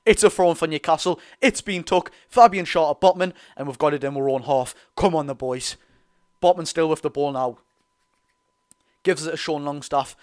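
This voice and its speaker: Excitable Geordie man doing fan commentary. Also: on the high side. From North East England. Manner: excitable, chatty, bursts into loud reactions. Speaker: streamer hosting a football watch-along.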